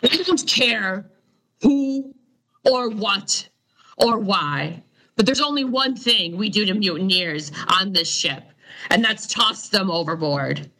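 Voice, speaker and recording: A woman's voice: mid-range voice, slow pace, sharp tone, rough recording. A woman voicing a furious male ghostly pirate captain who snarls threats at mutineers.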